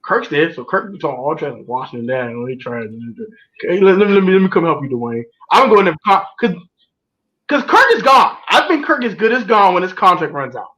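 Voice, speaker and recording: A man's voice: on the high side, lively intonation, fast, a bit bright, poor audio. A man co-hosting a casual sports talk show, telling stories emphatically and repeating himself for effect. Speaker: podcast co-host.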